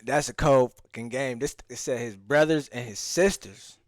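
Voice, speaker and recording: A man's voice: mid-range voice, normal speed, no echo, clean studio sound. A man giving loose, slang-heavy reaction commentary on a livestream, talking straight to his viewers and restarting his sentences often. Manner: addresses the audience directly. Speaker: streamer reacting to a video.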